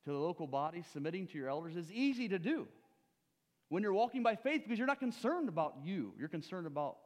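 Animated high-voiced preacher in a reverberant hall. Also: male voice. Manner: swings from loud urging to hushed low asides; preaches with rhetorical questions and acted-out anecdotes. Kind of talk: sermon.

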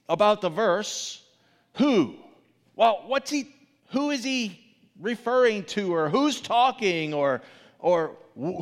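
A man preaching a sermon, swinging from loud emphatic questions to soft, low asides. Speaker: pastor. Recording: long reverb of a large hall.

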